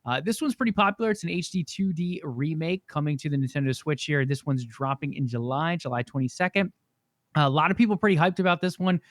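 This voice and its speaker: A man co-hosting a gaming podcast, giving a steady, informative rundown with some fillers. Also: fairly high pitch, quick pace, dry recording. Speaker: podcast co-host. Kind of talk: casual chat.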